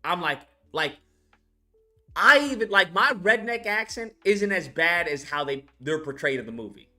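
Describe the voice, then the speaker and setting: Male reviewer, bright higher voice, loose crude recap style. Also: expressive, moderate pace, faint music behind. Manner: rambling, crude, lots of fillers. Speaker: movie reviewer. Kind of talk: casual ranting film recap.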